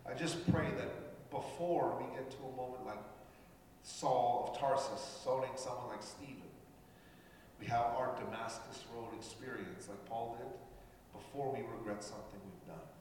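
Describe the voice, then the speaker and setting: A man's voice: mid-range voice, a little slow, a little mellow, slight background noise. A man from Canada preaching a sermon, talking conversationally and addressing the congregation directly. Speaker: pastor. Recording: echoey hall with long reverb.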